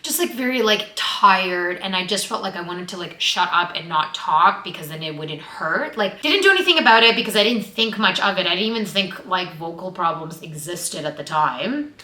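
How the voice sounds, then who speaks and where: Young woman vlogger, nervous and chatty. Bright, slightly low voice in a reverberant room. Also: animated, moderate pace, hardly any pauses. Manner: nervous, open, heavy use of "like". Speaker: vlogger and actress. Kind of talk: casual chat to camera. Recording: roomy echo.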